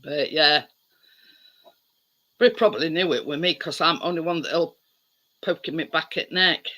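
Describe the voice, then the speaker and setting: Over a livestream video call, a male host chats casually and tells stories, laughing often. His voice sits on the high side, pushed and bright, and he speaks a little slowly.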